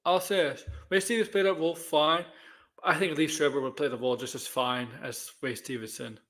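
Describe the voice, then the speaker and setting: A man's voice: a little high, fairly even intonation, brisk, a bit bright. A middle-aged man co-hosting a movie news show in casual chat, rambling and repeating himself with many restarts.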